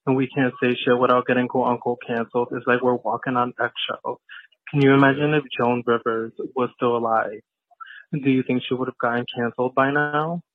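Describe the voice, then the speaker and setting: A man rants and jokes crudely in a voicemail, his voice fairly flat. It sounds tinny like a phone line, with a dry, close sound. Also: medium pitch, brisk, no room sound. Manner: crude, joking, ranting. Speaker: fan leaving a voicemail.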